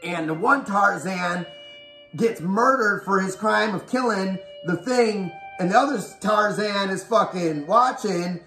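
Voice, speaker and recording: A man giving a profane, animated, rapid-fire recap of a horror movie. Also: high voice. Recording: echoey room with faint music.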